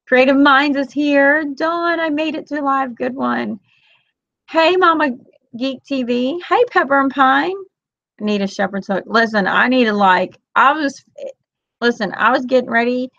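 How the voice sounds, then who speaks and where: Middle-aged woman, livestream host, chatty and animated, a little high with some vocal fry, dry lo-fi sound. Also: no echo. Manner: chatty, animated storytelling, greets viewers by name. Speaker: homeschooling mom livestream host. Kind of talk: casual livestream chat.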